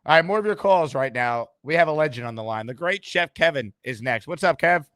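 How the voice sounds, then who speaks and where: A man's voice: on the high side, animated, a bit bright, dry recording, clean studio sound. A man hosting a sports talk show, reading ads and taking calls in an upbeat way. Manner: upbeat, quick ad reads and call handling. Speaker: host.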